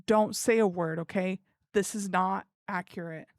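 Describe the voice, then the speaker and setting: A woman live streamer chatting casually with her viewers in an animated, giggly way. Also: medium pitch, unhurried, no echo, clean studio sound.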